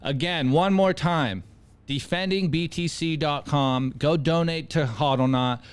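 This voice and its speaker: A man's voice: a little high, a little slow, smooth. A man co-hosting a casual livestream, talking in an earnest, rallying way and calling listeners guys and bro. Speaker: co-host.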